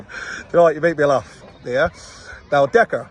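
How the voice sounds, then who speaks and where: A man's voice: a little high, normal speed. A man from Manchester with a Manchester accent, a fight promoter recording a confrontational reply video outdoors and taunting with repeated "yeah?". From Manchester, England. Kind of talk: direct-to-camera reply video. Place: outdoors, watching football.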